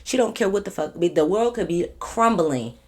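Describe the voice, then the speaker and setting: Animated woman telling a story. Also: fairly low pitch, normal speed, slightly rough. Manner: animated, profane, talks straight to viewers. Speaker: storyteller vlogger. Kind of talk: casual storytime.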